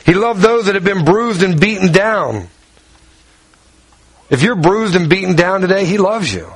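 Male preacher, slightly high voice, chatty sermon delivery, dry close recording. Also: a bit bright, dry recording, low-quality recording. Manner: conversational, repeats words while telling stories.

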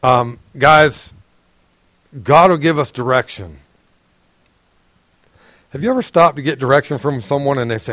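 A man, a pastor, giving a sermon in a casual, conversational storytelling way, often clearing his throat and laughing with the congregation. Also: mid-range voice, normal speed, long pauses, a bit bright, no echo.

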